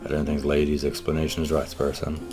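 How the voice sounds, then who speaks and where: Bumbling pompous bird lawyer, a man voicing him, very low and deliberate. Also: monotone, music in the background. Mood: formal.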